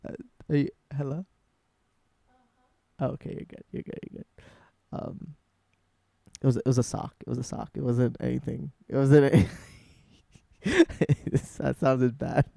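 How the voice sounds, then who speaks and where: A man musician in casual vlog talk, soft-spoken and rambling as he thinks aloud about his songwriting. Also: medium pitch, fairly even intonation, moderate pace, creaky, long pauses, dry recording.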